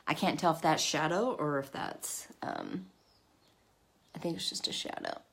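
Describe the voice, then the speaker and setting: A woman's voice: sits low, wildly swooping pitch, unhurried, creaky, fairly bright tone. A middle-aged woman hosting a casual live makeup tutorial, chatty and self-deprecating, greeting viewers by name. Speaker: makeup livestream host.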